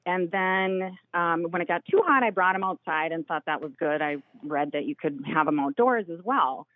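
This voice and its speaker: A woman's voice: lowish voice, lively intonation, normal speed, no room sound. Chatty Upper Midwest woman on phone. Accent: Upper Midwest American. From Minnesota, US. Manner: friendly, chatty. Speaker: caller. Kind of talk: phone call to radio show. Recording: tinny phone line.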